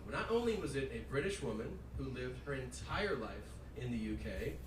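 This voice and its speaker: Brash male stand-up comic, lively pitch. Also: fairly quick, distant mic, background noise. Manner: brash, mock-outraged, swears freely. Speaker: stand-up comedian. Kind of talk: stand-up comedy set. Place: stage before a live audience. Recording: echoey stage audio heard from afar.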